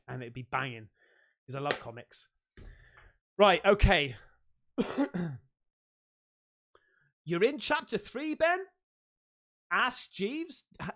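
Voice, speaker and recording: A man chatting on a livestream, bursting with excitement and casual slang. His voice leaps up and down in pitch as he chats with viewers. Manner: excitable, slangy, swearing, laughs a lot. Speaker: livestream host. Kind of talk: casual live-stream chat.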